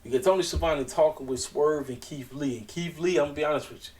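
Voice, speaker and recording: A man's voice: fairly high pitch, fast, darkish tone, distant mic. Slangy man recapping wrestling, a bit off-mic. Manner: chatty, slangy, retells scenes in quoted voices. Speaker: wrestling show reviewer. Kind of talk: casual recap commentary.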